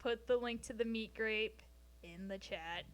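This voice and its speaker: Sitting on the floor at home, a woman with a somewhat high voice chats casually on a live stream, unhurried and with slight background noise. She rambles off topic, swears freely, and tosses in jokes between bits of science.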